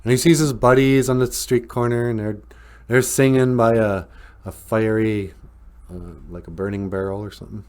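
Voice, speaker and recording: Low-voiced relaxed male storyteller. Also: moderate pace. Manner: relaxed, rambling with fillers and chuckles. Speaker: podcast host. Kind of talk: casual spoken storytelling.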